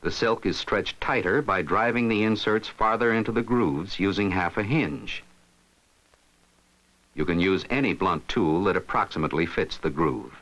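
A man giving scripted narration for an instructional film, explaining steps in a steady, instructive way. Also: deep voice, normal speed, poor audio.

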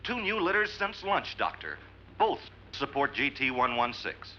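An actor playing an absent-minded lab assistant in a 1950s film, clipped and distracted. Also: male voice, medium pitch, wildly swooping pitch, a little slow, bright, forceful tone, slight background noise, heavily acted. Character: absent-minded male lab assistant, absorbed in his work. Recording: muffled old film soundtrack.

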